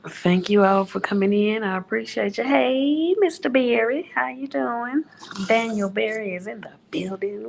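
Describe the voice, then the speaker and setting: A woman's voice: fairly high pitch, a little slow, gravelly, slight background noise, low-quality recording. A woman hosting a casual livestream, greeting viewers by name in a playful drawl. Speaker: livestream host.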